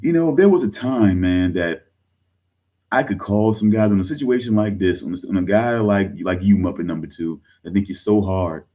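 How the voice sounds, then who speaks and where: Warm-toned and moderately paced, this creator in his thirties delivers a fiery direct-to-camera rant. He swears, repeats himself, and keeps calling viewers "folks," his agitation pushing his pitch high during angry moments.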